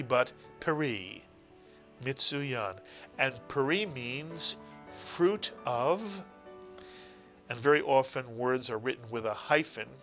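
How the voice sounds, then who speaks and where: Male teacher for a recorded lesson, unhurried and patient, mid-pitched, faint music underneath. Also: pushed and bright. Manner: slow, patient, spells out letters and syllables. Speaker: Hebrew teacher.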